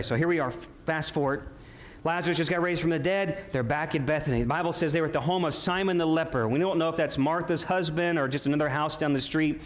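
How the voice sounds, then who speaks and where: A man with a fairly high voice preaches a sermon from the pulpit of a church sanctuary. He talks with animated energy, tells a scripture story, and keeps putting rhetorical questions to his listeners. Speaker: pastor.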